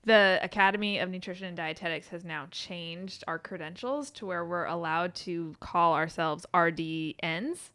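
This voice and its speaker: A young woman, a dietitian guest in a casual interview, explaining things clearly. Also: lowish voice, normal speed, few pauses, a bit bright.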